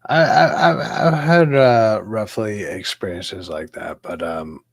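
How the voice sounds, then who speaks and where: A low-pitched man rambles through a casual stream chat, stumbling over restarts and swearing as he goes. He breaks into big laughs. The sound is close and dry, with no room around it. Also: takes it slowly, creaky, no echo. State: drinking during the stream. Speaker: streamer and podcast host.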